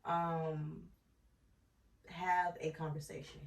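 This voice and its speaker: A woman's voice: lowish voice, fairly quick, far from the mic. A woman co-hosting a podcast, talking candidly and with animation in casual chat. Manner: candid, animated, trails off with "blah, blah". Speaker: podcast co-host. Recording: roomy sound from off-mic.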